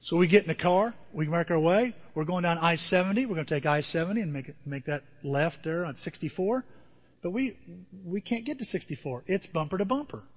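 A pastor, a man with a high, husky voice, preaches in a casual storytelling way and keeps asking the listeners questions. His voice carries a long hall reverb, and the sound is slightly dull. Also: expressive, a little fast. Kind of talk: conversational sermon.

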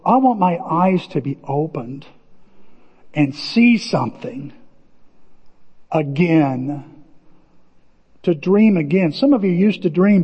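A man preaching a sermon as pastor, retelling movie scenes with lively acted-out voices. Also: high voice, breathy edge. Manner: animated storytelling, acting out movie scenes in voices. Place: church sanctuary. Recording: muffled recording with long hall reverb.

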